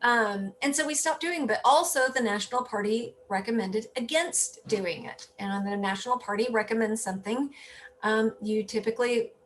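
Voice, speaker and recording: Animated woman telling campaign stories. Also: fairly high pitch, moderate pace, a little hiss or hum. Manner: animated storytelling, self-correcting. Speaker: political candidate, guest. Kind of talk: casual conversational interview.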